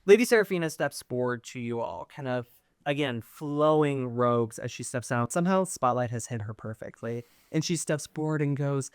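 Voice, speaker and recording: A man's voice: mid-range voice, expressive, normal speed, clean tone, dry recording. Guy running a tabletop game, playful storyteller, dry close sound. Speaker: game master.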